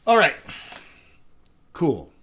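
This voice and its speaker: Drawing out his words in a fairly bright tone, a middle-aged man runs a live forex trading stream. His casual talk meanders through rambling asides, with plenty of fillers and restarts.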